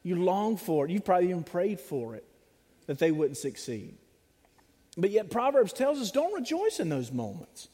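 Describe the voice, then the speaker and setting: A man with a high voice preaches a sermon, animated and full of humor, slipping into the voices of other people. His voice rings with the long reverb of a church sanctuary. He talks plainly and directly to the congregation. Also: moderate pace.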